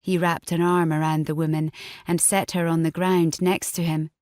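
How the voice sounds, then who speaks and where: A woman narrating an audiobook in a measured, even reading. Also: low voice, no room sound, studio quality. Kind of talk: scripted narration. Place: recording studio. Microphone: close studio mic.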